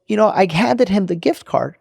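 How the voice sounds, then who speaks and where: A woman's voice: low voice, normal speed, mellow, no echo, studio quality. A man voicing a young female assistant who is crying and afraid, stammering and hesitant as she speaks. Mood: tearful, fearful.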